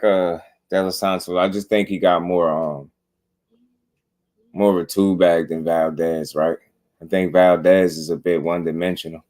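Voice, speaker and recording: Casual host, low male voice, slangy rambling reaction talk. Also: a little mellow. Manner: slangy, rambling, repeats "you know what I'm saying". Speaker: boxing commentary channel host.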